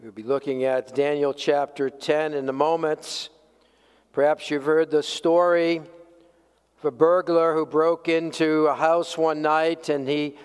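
A male pastor preaching earnestly, leading from a story into rhetorical questions. His voice is smooth and resonant and sits high for a man. The long reverb of a large church hall trails every phrase. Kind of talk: sermon. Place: church sanctuary.

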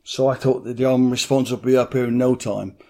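A man's voice: medium pitch, steady tone, a little fast, darkish tone. A middle-aged man, telling a story bluntly in an interview, swearing freely and acting out other people's voices.

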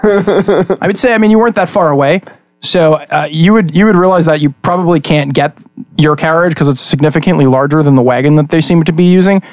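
A young man running a tabletop game as game master, casual and animated, with many fillers. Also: fairly high pitch, brisk, dry recording, clean studio sound.

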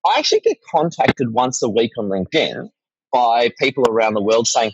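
Man, Australian accent, husky voice, lively pitch, rambling interview chat. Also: a little fast, dry recording, highs cut off. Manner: rambling, tags with "right?". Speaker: guest.

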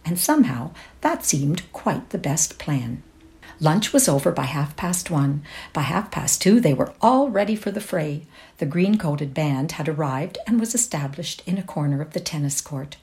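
A woman reads a classic short story aloud in a measured, expressive manner. Her voice sits low for a woman. She leans into the descriptive passages. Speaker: reader. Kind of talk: dramatic reading of a short story.

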